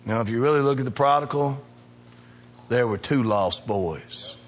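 Husky pastor preaching in a reverberant church. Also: male voice, medium pitch, unhurried. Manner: emphatic, calls out to the congregation. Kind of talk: sermon. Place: church sanctuary.

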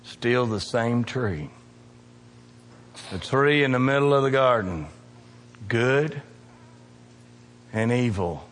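A man's voice: mid-range voice, animated, slow, long pauses, a bit bright, big-room sound, a little hiss or hum. A male pastor preaching a sermon, emphatic and calling out to his congregation in a church. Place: church sanctuary.

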